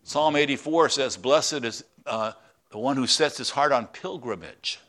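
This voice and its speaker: Man preaching in a conversational way. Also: medium pitch. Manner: conversational preaching, halting restarts, drops to quiet prayerful tones. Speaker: pastor. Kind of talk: sermon.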